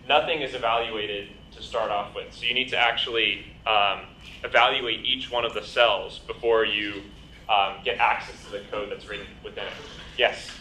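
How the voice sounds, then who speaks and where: A bootcamp instructor lectures live in a lecture hall while demonstrating code, his bright, mid-range male voice peppered with ums and you-knows and frequent questions of "right?". The room is echoey, with faint background noise.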